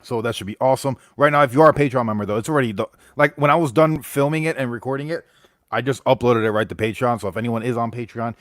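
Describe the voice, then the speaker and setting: A man's voice: mid-range voice, fast talker, fairly bright tone. A man from the United States hosts a loose, casual live stream, chatting with his viewers. He rambles and restarts his sentences often. The sound is dry and close, with no room echo. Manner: rambling, stumbling restarts, greets chat members.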